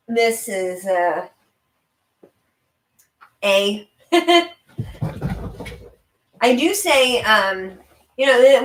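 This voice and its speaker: A woman's voice: medium pitch, a bit bright. Chatty Southern woman in a roomy room. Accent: faint Southern US. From American South. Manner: chatty and rambling, laughing often, talking to her dog. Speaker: livestream host. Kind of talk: casual live-stream chat. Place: room in her house. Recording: roomy home recording.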